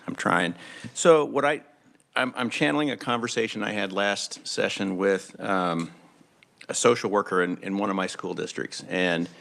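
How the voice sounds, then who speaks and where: A man, a state legislator, asking a witness questions in a committee hearing, halting and searching for his words. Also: fairly low pitch, gravelly, a bit bright. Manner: halting and searching, with many restarts.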